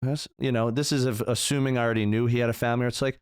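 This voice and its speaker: A man's voice: mid-range voice, fast talker, hardly any pauses, smooth, no echo. Young guy cohosting a podcast, acts out little convos, says like a lot, super dry close mic. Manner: animated, acts out quoted dialogue, many "like" fillers. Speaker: podcast co-host. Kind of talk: casual business chat.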